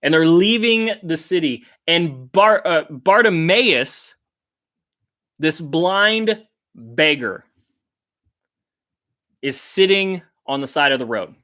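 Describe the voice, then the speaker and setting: A man's voice: fairly high pitch, animated, slow pace, long pauses, fairly bright tone. A youth pastor, a man, teaching a Bible story and speaking directly to young listeners in an earnest, repetitive way. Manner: earnest, addresses listeners directly, repeats phrases for emphasis. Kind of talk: sermon-style Bible teaching to teens.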